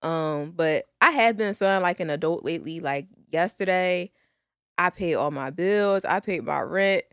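A woman's voice: fairly low pitch, moderate pace, fairly bright tone, clean tone, dry recording, studio quality. A woman in her twenties co-hosting a podcast, chatting loosely with slangy asides and laughs. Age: 20s. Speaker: podcast co-host. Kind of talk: casual chat.

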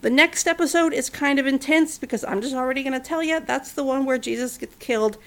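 A woman in her thirties, a podcast host narrating a storybook in an earnest, gentle way. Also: high voice, fairly quick. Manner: earnest, gentle, conversational asides.

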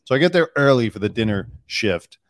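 A man's voice: medium pitch, animated, fairly quick, no echo, studio quality. Sarcastic man telling gossip. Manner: joking, sarcastic, storytelling with put-on quotes. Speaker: podcast host, former celebrity news cameraman. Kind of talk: casual comedic chat.

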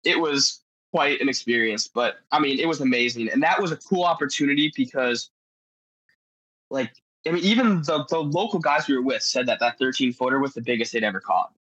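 A man's voice: mid-range voice, a little fast, breathy edge, no echo, poor audio. A man guest on a podcast telling adventure stories in a casual, rambling way, full of "like" fillers. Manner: rambling, heavy use of "like" fillers; animated storyteller.

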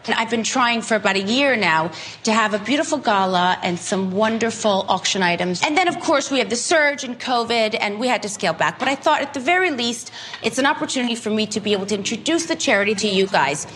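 Woman, gracious, earnest, formal dinner speech, slightly high voice, faint noise behind. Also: expressive, a little fast, fairly bright tone. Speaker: charity gala hostess.

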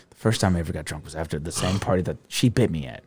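A man guesting on a podcast, telling stories in a casual chat, loud, laughing and swearing a lot as he acts out the voices of the people in them. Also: low-pitched.

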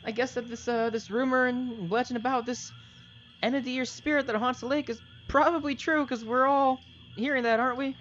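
A man doing a hesitant, high-voiced companion. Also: fairly even intonation, a bit bright, lo-fi sound, slight background noise. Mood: uneasy. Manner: hesitant, raised pitch, halting. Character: hesitant, nervous male adventurer companion.

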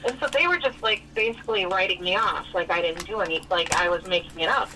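A woman's voice: fairly low pitch, quick pace, sharp tone, a little hiss or hum. Chatty woman caller on a distant phone line. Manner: chatty, retells dialogue with "I was like". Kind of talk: casual storytelling. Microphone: telephone.

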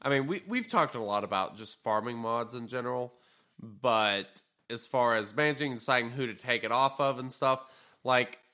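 A man's voice: medium pitch, normal speed. A man co-hosting a gaming podcast, talking casually and loosely with lots of fillers and some tired yawns. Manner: relaxed, rambling, frequent fillers. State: tired, yawning. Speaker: podcast co-host.

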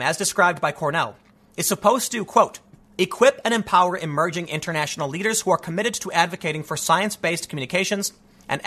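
A man's voice: high-pitched, bright, forceful tone. A man hosting an opinionated news commentary show, reading stories aloud and mocking them with sarcastic, rambling asides.

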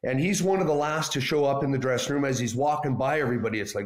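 A man telling a locker-room story on a podcast in a folksy, drawn-out casual way. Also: medium pitch, roomy sound. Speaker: podcast guest.

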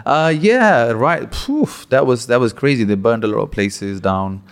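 A man with a Pakistani accent and a somewhat low voice chats casually as a stand-up comedian. He rambles, restarting his sentences and leaning on "you know" as he thinks aloud. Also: animated, normal speed. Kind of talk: casual conversation.

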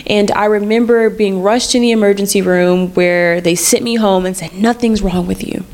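A woman's voice: mid-range voice, steady tone, moderate pace, a little mellow. Candid woman telling her own story. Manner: candid, conversational, repeats phrases for emphasis. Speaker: podcast host. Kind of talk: personal storytelling podcast.

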